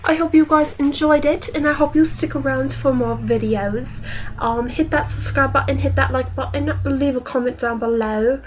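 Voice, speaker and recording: A woman's voice: high-pitched, fairly even intonation, moderate pace, slight background noise. A young woman chatting casually about books for her vlog, playful and now and then dropping into a whisper. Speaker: book vlogger.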